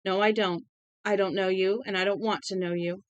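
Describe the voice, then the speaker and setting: A man's voice: sits high, flat delivery, brisk, clear, resonant tone, no echo, dull audio, lightly acted. A woman voicing a strange, devoted male follower who speaks plainly and fervently.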